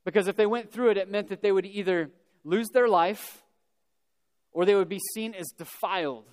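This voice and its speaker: A pastor preaches a sermon in a high-sitting male voice at a normal pace, telling the story conversationally and dropping in casual, humorous asides. The recording carries the long reverb of a large hall.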